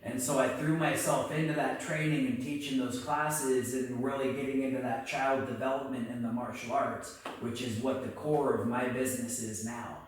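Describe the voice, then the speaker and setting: Brief: man, relaxed and earnest, telling his story, far from the mic in a boomy room. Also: moderate pace, hardly any pauses, heavy reverb. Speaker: martial arts teacher, co-host. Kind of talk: casual storytelling chat.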